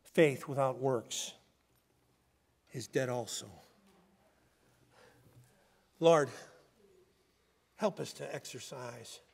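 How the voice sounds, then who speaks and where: A man pastor preaching a sermon, moving between quiet pleading and loud fervent passages. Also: mid-range voice, slow, vocal fry, breathy edge. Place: church sanctuary. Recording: long church reverb.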